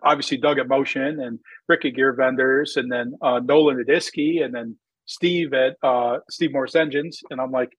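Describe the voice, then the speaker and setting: A man's voice: mid-range voice, normal speed, breathy edge, no room sound, poor audio. A man, a drag racer who started a magazine, telling his story in a rambling, casual interview chat full of fillers. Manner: rambling, filler-heavy, animated when quoting himself.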